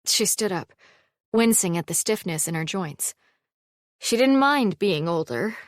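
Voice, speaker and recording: Calm lady audiobook narrator, slow and even, dead dry sound. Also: mid-range voice, no echo.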